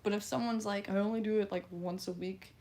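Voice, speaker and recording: A woman's voice: medium pitch, fairly even intonation, fairly quick, a little mellow. A woman in her twenties, chatting casually on a livestream as she reads and answers chat, laughing often. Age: 20s. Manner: giggly, chatty, reacts to chat messages. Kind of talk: casual live-stream chat.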